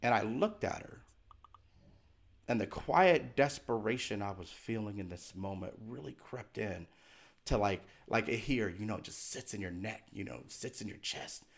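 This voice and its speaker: A man's voice: on the low side, animated, normal speed, gravelly. A middle-aged man, a podcast guest, telling a personal story in an earnest, emphatic and candid way. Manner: earnest and emphatic, acts out remembered dialogue; candid and confessional.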